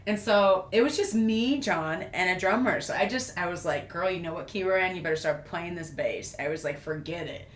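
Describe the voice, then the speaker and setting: Woman telling a lively story in an echoey room. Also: fairly low pitch, a little fast, few pauses. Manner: animated, self-mocking storytelling with frequent laughter. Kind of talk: casual storytelling chat. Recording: echoey room with faint noise.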